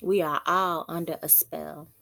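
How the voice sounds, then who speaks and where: Woman prophetess, low voice, slow halting delivery, casual preaching. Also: fairly even intonation, creaky, sharp tone. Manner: halting, repeats words, thinking aloud. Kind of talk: informal religious teaching.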